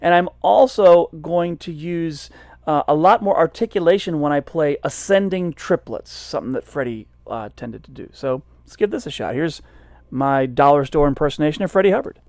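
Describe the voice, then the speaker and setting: Male jazz educator, relaxed and self-deprecating, slightly high voice, dry mic. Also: moderate pace, no echo. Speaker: jazz trumpet teacher. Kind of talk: casual instructional talk.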